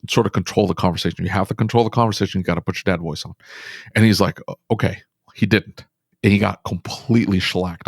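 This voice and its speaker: Emphatic man, low register, dry close mic, quick bursts, shop-owner guest. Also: no echo. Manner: animated, emphatic, talks fast in bursts. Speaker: auto repair shop owner, podcast guest. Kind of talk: casual storytelling conversation.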